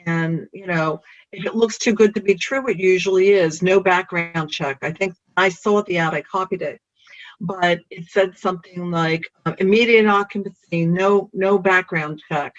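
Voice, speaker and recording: A realtor recounts a personal anecdote with lively storytelling energy, the voice leaping up in pitch whenever a point lands. The middle-pitched voice comes through a dull, lo-fi recording that softens the top end. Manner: animated storyteller, pitch jumping with emphasis.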